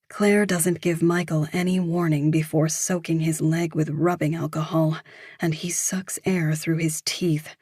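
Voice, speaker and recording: Woman, audiobook narration, low, slow, breathy, dry close recording. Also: level tone, a little mellow, no echo. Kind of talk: scripted narration.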